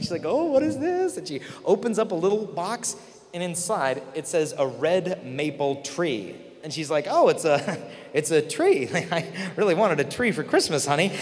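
Male conference speaker, lively storyteller, voice ringing in a large hall. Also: mid-range voice. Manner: animated, acts out quoted voices. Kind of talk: storytelling talk to a youth audience. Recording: long hall reverb, faint noise.

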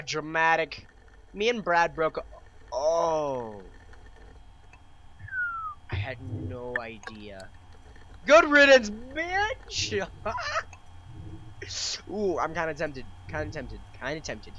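A man's voice: fairly high pitch, lively intonation, slow, pauses often, muffled recording, noisy background. A young man giving playful, swearing gameplay commentary, reading chat lines aloud and reacting with mock drama. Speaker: let's play gamer. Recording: loud keyboard typing behind voice.

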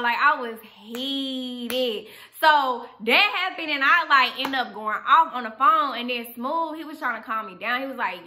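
Profane, animated storytelling woman. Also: high voice, moderate pace, hardly any pauses, a little hiss or hum. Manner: animated, profane, addresses viewers directly. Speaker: vlogger. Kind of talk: storytime vlog.

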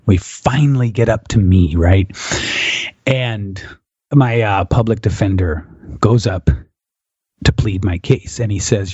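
A man's voice: on the low side, slow pace, pauses often, warm tone, slightly rough, no echo. Man telling a story in a dry recording. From United States. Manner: vivid storyteller who chuckles and acts out quotes. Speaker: interview guest. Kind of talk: storytelling in a podcast interview. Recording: dull, dry lo-fi audio.

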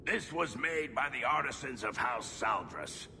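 An actor voicing an eerie ghostly male dwarf from the past, reciting slowly and solemnly in a video game. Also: medium pitch, big pitch swings, pushed and bright, big-room sound, a little hiss or hum, heavily acted.

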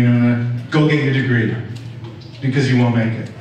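A man voice actor giving wry, deadpan advice and stories on a convention panel. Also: medium pitch, moderate pace, a crowd in the background. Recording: echoey convention hall, distant mic, noisy.

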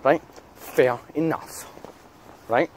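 Vlogging outdoors in town, a man with a medium-pitched voice launches into a casual but angry rant laced with heavy swearing. He speaks extremely slowly, with slight background noise.

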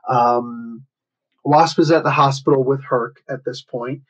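A man's voice: medium pitch, fairly even intonation. Chatty man retelling a comic, lo-fi. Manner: chatty, loose, lots of fillers and quick acted quotes. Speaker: comic book reviewer. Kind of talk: casual retelling of a comic story. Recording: dull lo-fi sound.

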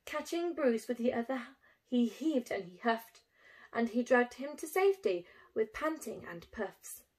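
High-voiced teacher reading a picture book. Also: female voice, measured pace. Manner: expressive, sing-song rhyming delivery.

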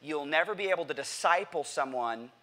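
A man preaching a sermon to a church congregation, animated and playful, asking the crowd questions and acting out what people say. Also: on the high side, brisk. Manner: animated, playful, acts out quotes; addresses congregation directly with questions. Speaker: pastor. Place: church sanctuary.

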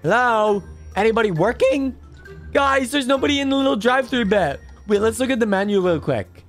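A man voicing an excitable, cheeky baby boy in game commentary, squealing and talking straight to viewers. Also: very high-pitched, a little fast, faint music behind. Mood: whiny. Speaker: gaming YouTuber.

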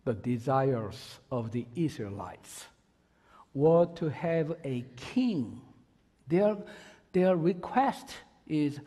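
A man preaches a sermon in a fairly high, animated voice, taking his time over each phrase. He is earnest and emphatic, with an other than English. The church hall around him rings with long reverb. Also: drawn-out words. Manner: earnest, emphatic, with rising bursts of energy. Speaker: pastor. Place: church sanctuary.

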